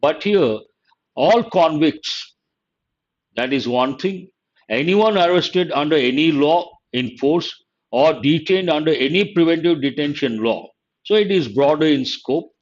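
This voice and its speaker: Male English tutor with a slightly high voice, reads a line and then glosses it, muffled lo-fi recording. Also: lively intonation. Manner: reads a sentence then glosses words slowly. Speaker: English teacher. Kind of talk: explaining a newspaper editorial line by line. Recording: dull lo-fi recording.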